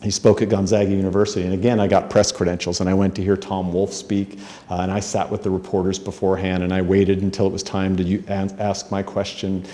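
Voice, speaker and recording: Low, mellow-voiced man telling stories. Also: little pitch movement, quick pace. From Spokane, Washington, USA. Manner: self-deprecating, conversational, frequent ums and restarts. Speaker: author giving a talk. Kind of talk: anecdotal storytelling speech. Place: hotel conference room.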